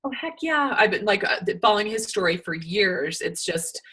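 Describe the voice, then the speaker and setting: Husky, bright-voiced effusive woman guest. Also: medium pitch, lively intonation, moderate pace. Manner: effusive, affirming, many "I love it" and "totally". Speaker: podcast guest, health practitioner. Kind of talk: casual podcast conversation.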